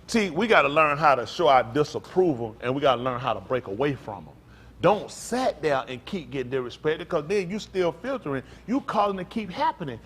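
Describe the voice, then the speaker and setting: A pastor preaches in an emphatic way, his high voice swinging widely. He drops low and quiet, then builds up to loud outbursts. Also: sing-song, brisk, slightly rough. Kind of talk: animated preaching talk.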